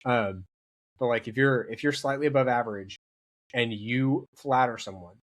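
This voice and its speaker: A man's voice: medium pitch, normal speed. A man in casual conversation, telling rambling stories with many restarts. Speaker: podcast guest. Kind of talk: casual chat.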